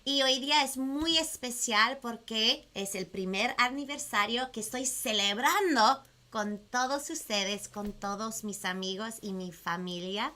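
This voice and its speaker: A woman's voice: on the high side, pushed and bright. A young woman hosting a bilingual children's live-stream lesson, bubbly and sing-song, talking straight to her viewers. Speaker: children's show host.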